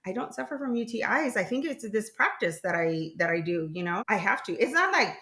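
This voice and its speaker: A frank, animated woman co-hosting a casual podcast chat. Her pitch rises and falls a lot as she tells stories and laughs along with friends. She is blunt and open. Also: brisk. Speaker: podcast co-host.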